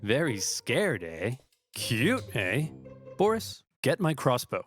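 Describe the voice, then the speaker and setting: A man's voice: mid-range voice, very animated, takes it slowly, fairly bright tone, faint music behind. A man voicing a glory-seeking young male tsar in a comedic cartoon, drawing out mock-menacing questions. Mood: mock menace.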